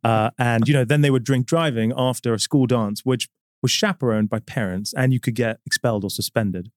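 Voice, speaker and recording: A man with a British accent, a business guest telling stories in a relaxed interview, thoughtful and full of small pauses. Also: medium pitch, no room sound, clean studio sound. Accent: British English. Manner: measured, reflective storytelling with many fillers. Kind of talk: casual interview chat.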